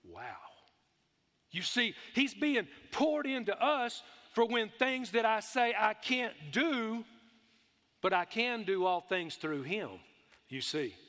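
A man's voice: high-pitched, very animated, slow pace, fairly bright tone, long reverb tail. A man preaching a sermon, emphatic, calling for amens and stretching out key words.

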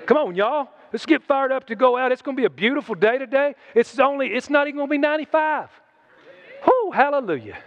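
A man preaching a sermon to his congregation, exhorting and then dropping into hushed asides. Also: extremely high pitch, lively intonation, fast, dull audio, some chatter behind. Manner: exhorting, swings between loud shouts and hushed asides. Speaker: pastor. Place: church sanctuary.

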